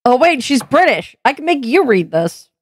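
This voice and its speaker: A woman's voice: sits high, very animated, normal speed, husky, no echo, clean studio sound. A woman hosting her gaming channel, chatting casually and teasing her co-player while they play. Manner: teasing, upbeat, laughs often. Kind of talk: casual co-op gameplay chat.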